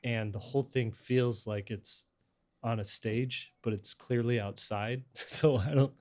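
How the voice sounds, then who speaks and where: A man's voice: mid-range voice, steady tone, measured pace. A middle-aged man hosting a casual podcast chat, talking in a rambling, hesitant way with many restarts. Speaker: podcast host.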